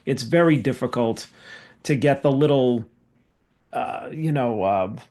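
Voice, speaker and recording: A man's voice: mid-range voice, unhurried, mellow. A man co-hosting a podcast, joking around and telling casual stories. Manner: joking, laughs a lot, storytelling. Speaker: podcast co-host.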